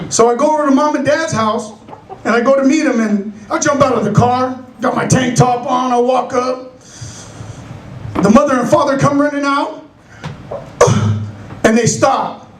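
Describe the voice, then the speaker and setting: A middle-aged man from San Francisco with a strikingly high voice tells stand-up stories, acting out characters in raised voices. He is recorded from across an echoey club, with faint room noise behind him. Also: unhurried, distant mic. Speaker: stand-up comedian. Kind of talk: stand-up comedy set. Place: comedy club stage.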